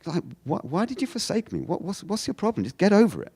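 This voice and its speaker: A man's voice: medium pitch, huge pitch swings, fast talker, darkish tone, pitched above the performer's own voice. A man voicing an exasperated Jesus on the cross who keeps complaining about an angry God. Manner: incredulous, complaining, repeats himself.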